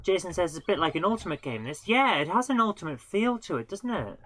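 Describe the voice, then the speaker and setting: A woman's voice: lowish voice, big pitch swings, quick pace, a bit bright, slight background noise. A woman hosting a live gaming stream, chatting casually and laughing at her own mistakes as she plays. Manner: chatty, self-mocking, laughs often. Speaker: live-streaming game host. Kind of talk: casual live gameplay commentary.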